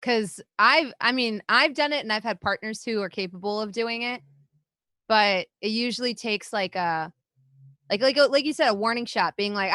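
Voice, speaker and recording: A woman's voice: fairly high pitch, lively intonation, brisk, sharp tone, no echo, clean studio sound. A woman co-hosting a podcast in casual chat, blunt and candid, swearing freely. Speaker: podcast co-host.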